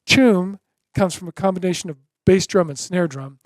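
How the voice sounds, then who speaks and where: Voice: mid-range voice, normal speed, no echo, studio quality. A drum teacher giving a beginner lesson in an encouraging way, chanting drum syllables in rhythm.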